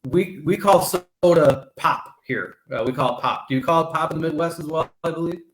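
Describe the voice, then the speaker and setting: Laid-back guy cohosting, kinda high voice, lots of yeahs and halting phrases. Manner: easygoing, agreeing often, talks in loose halting phrases. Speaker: co-host. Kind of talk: casual chat.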